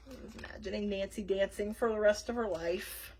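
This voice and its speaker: Husky-voiced woman reading to kids. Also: mid-range voice, steady tone, fairly quick, darkish tone, low-quality recording. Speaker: children's librarian. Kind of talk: reading a children's book aloud.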